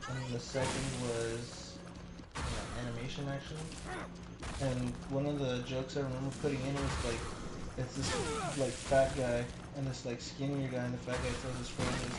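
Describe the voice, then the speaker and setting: A young man tells stories in a loose, rambling way, acting out the lines people said in them. His voice sits at an average pitch. The recording is roomy and echoey, with loud noise behind him. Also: flat delivery, normal speed. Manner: rambling, acts out quotes in story. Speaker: stream co-host. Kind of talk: casual chat and storytelling.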